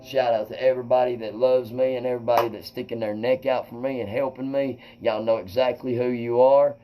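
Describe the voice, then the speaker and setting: A man telling a wild personal story to viewers, animated and swearing, acting out quotes loudly. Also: mid-range voice, fairly quick, rough recording. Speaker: comedian host.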